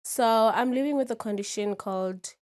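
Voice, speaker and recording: A woman's voice: on the high side, moderate pace, a little mellow. A woman in her twenties, a podcast guest, talking candidly and often checking in with the listener. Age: 20s. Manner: candid, keeps asking "you understand?". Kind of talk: casual interview.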